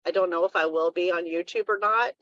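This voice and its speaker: A woman's voice: on the low side, a little fast, fairly bright tone, no room sound, dull audio. A woman co-hosting a live wellness talk stream, giving earnest advice in a casual, rambling way.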